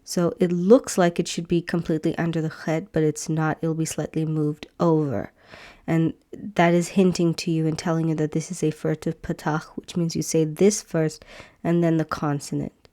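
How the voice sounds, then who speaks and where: A woman teaching a beginner language lesson over slides, patient, repeating each sound slowly with many fillers. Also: sits low, flat delivery, mellow.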